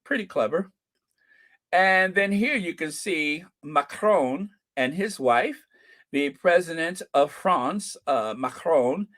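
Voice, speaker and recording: A man's voice: fairly high pitch, expressive, slow, a bit bright. A man hosting a casual live stream, chatting about photos and thanking viewers by name with chuckles.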